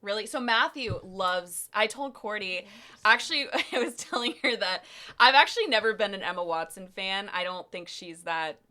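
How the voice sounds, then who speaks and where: A young woman co-hosts a casual podcast chat in a bright, clear voice. Her pitch swings widely as she laughs and jumps into quick impressions of other people. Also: expressive. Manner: chatty, laughs often, quotes others in put-on voices. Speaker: podcast co-host.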